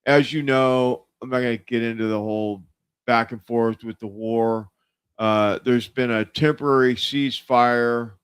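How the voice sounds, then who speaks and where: This livestream host's voice is medium in pitch, clear and resonant, with a steady tone and measured pace. He runs a casual political talk show, wandering through his points with frequent fillers and restarts.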